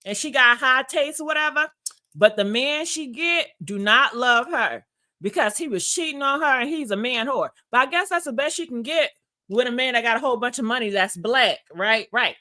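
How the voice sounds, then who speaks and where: A woman's voice: on the high side, animated, normal speed, bright, forceful tone. A woman hosting a casual celebrity gossip livestream, sassy and messy, talking straight to her viewers and laughing at herself. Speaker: host.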